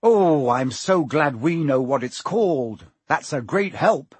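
A man's voice: a little high, expressive, takes it slowly, husky, no echo, heavily acted. A man voicing a sarcastic, grumbling schoolboy wizard in a storybook reading.

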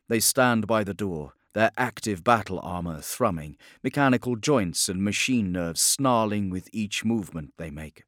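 A man narrating an audiobook in a measured, grave storytelling manner. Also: fairly low pitch, no echo, clean studio sound.

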